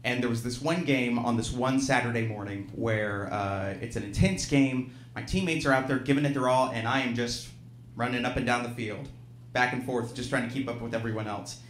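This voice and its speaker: A man's voice: medium pitch, fairly quick, slight background noise. Self-mocking man telling stories on stage. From Alabama. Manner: self-deprecating, laughs through his lines. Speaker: storyteller. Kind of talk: live stage storytelling. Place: live venue stage, audience present. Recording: roomy live venue sound.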